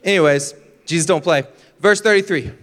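A man's voice: a little high, a little fast, fairly bright tone. A young man preaching a casual, jokey sermon in a church, acting out voices and sound effects as he goes. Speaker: pastor. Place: church auditorium. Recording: reverberant hall.

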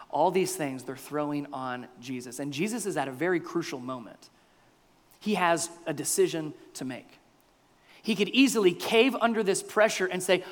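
A man preaching a sermon as pastor, animated, acting out the crowd and Jesus in quoted voices. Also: on the high side, moderate pace. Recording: long hall reverb.

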